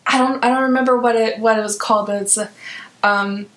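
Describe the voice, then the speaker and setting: Young woman guest-host, quiet and giggly, speaks in a soft half-whisper, a touch high. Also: steady tone, fast. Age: young adult. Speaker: podcast co-host being interviewed. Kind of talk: casual chat.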